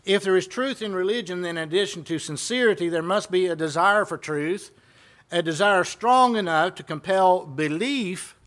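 Male preacher, somewhat high voice, chatty sermon full of questions to the flock. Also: a bit bright. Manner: conversational, retells exchanges and asks rhetorical questions.

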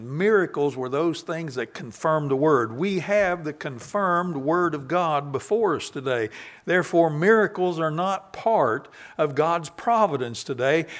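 A man preaching a sermon, reading scripture quietly and then building to loud, emphatic passages. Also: a little high.

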